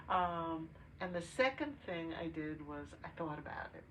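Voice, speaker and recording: An older woman co-hosting a podcast, telling a family story in casual chat with pauses and filler words. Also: fairly low pitch, lively intonation, fairly bright tone. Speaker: podcast co-host. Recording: distant mic with faint noise.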